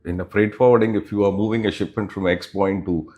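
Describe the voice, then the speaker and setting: Low-voiced middle-aged man, measured explanations. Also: steady tone, dark tone. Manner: measured, explanatory, pauses between phrases. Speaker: business unit head, interview guest. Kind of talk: business interview answers.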